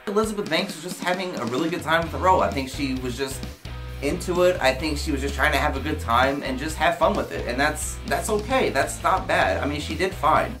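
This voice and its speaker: An excitable young man talks through a film review in a loose vlog style. He swears without a second thought, and his voice jumps high whenever he gets carried away. Soft music plays faintly behind him. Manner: excitable and emotional, swears casually, pitch jumps when worked up. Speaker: movie reviewer. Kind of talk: casual movie review vlog.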